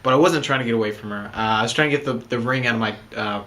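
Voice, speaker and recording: Young man, casual storytelling, rambling with fillers, mid-pitched voice. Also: racing, a bit bright. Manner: rambling, many fillers like "you know" and "um". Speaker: groom-to-be telling the proposal story.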